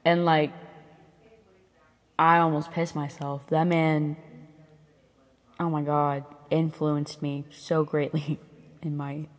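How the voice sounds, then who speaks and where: A woman's voice: sits low, level tone, slow, long pauses, big-room sound. A woman in her twenties chatting casually into a close ASMR mic, rambling with lots of fillers and swearing, sometimes dropping to a whisper. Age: 20s. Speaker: ASMR creator.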